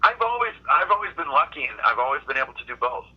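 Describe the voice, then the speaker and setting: A man's voice: on the high side, big pitch swings, fast, breathy edge, muffled recording. A middle-aged man from Boston, a comedian guest telling road stories in casual chat, often stopping and restarting his sentences. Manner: rambling storyteller, frequent restarts.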